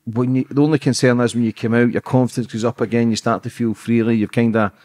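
A man's voice: mid-range voice, flat delivery, fast, a little mellow, dry recording, clean studio sound. A man hosting a podcast interview, asking blunt, teasing questions. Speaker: host.

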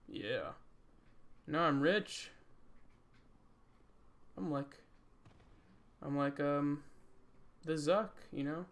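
Male gaming host, slow jokey let's-play chatter with a slightly high, raspy-fry voice. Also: expressive, fairly bright tone. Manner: jokey, rambling, talks to game enemies. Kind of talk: casual let's-play commentary.

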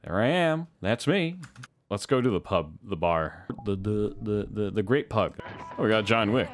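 A man's voice: on the low side, animated, normal speed, over music. A man streaming a virtual reality game, joking and self-mocking as he comments.

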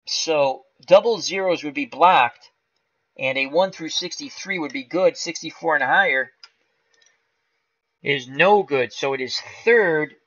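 Bright-voiced man calling a dice football game. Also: on the high side, unhurried, pauses often, highs cut off. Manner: casual, explains dice rolls aloud, excitable at big plays. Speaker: tabletop football game host. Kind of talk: live-streamed dice game play-by-play.

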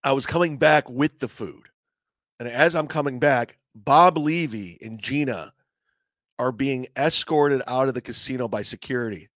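A man hosting a comedy podcast, telling a profane, animated story in a casual way and acting out the voices of others. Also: medium pitch, normal speed, no echo.

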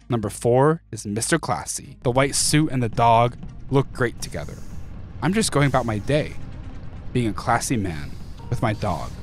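A man hosting a gaming channel, doing a comedic voice-over full of jokey asides. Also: fairly bright tone. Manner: goofy, jokey asides and playful pitch leaps.

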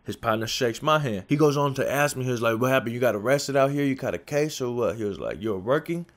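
A man's voice: mid-range voice, quick pace. Man in his 20s from California, casual street storyteller, loose and laughing. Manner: streetwise slang, laughs often, animated retelling.

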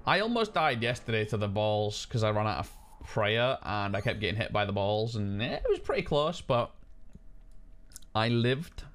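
A man chatting casually and swearing excitably while streaming a video game. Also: medium pitch. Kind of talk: casual gaming stream chat.

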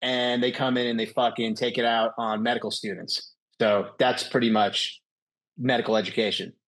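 Speaking at a normal speed in a mid-range voice, a young adult man appears as a doctor guest on a video call. He tells a story in casual chat, animated and profane, acting out the people he quotes.

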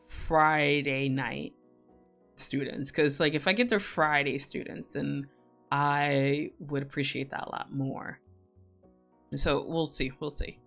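A young woman hosting a co-working stream, chatting casually with viewers in a rambling way, full of fillers, swearing and laughter. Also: deep voice.

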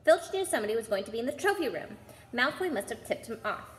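A woman's voice: a little high, big pitch swings, quick pace. A woman voicing a bossy, know-it-all schoolgirl in a storybook reading, insistent and lecturing. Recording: roomy with long reverb.

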